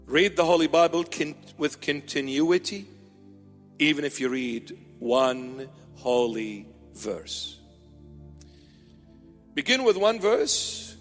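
A man's voice: on the high side, expressive, slow pace, long pauses. A middle-aged man, a bishop, giving a playful sermon, teasing his listeners and acting out little dialogues. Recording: long hall reverb with faint music.

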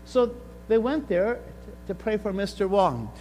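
Older male preacher, high pitch, storytelling sermon with fervent build, long hall reverb. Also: animated, unhurried, darkish tone. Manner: storytelling, rising to intense emphasis. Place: conference hall. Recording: reverberant hall with faint hum.

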